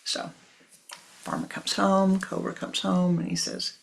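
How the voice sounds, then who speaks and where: A man leads a spiritual teaching and tells a parable in a hushed, often whispered voice. His speech is very slow and deliberate, with a gravelly texture throughout. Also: high-pitched, little pitch movement. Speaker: meditation teacher.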